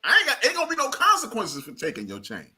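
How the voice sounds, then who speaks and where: Podcast guest, male, sharp and bright tone, lively pitch, emphatic and argumentative. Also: quick pace. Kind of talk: casual chat.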